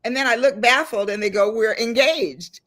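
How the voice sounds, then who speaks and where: A middle-aged woman hosting a casual chat and telling stories with animated delivery. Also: a little high, fairly quick. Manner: lively storyteller, animated and laughing. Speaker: host. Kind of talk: casual chat on a video call panel.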